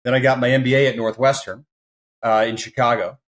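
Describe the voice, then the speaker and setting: Male interview guest from the Midwest, lively storyteller who mimics the people he quotes, medium pitch. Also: a little fast. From American Midwest. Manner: animated storyteller who acts out quoted voices. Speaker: podcast guest.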